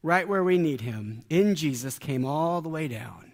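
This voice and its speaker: A man preaching a sermon as a pastor, conversational with dramatic pauses and quoted voices. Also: fairly high pitch, expressive, a little mellow. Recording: long hall reverb.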